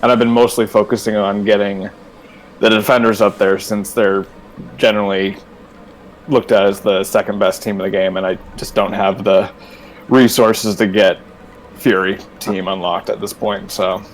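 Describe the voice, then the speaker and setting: A man on voice chat, explaining his game progress in a hesitant, halting way. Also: fairly low pitch, little pitch movement, a little hiss or hum, low-quality recording. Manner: hesitant, halting, full of fillers. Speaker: guest on voice chat. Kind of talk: casual chat.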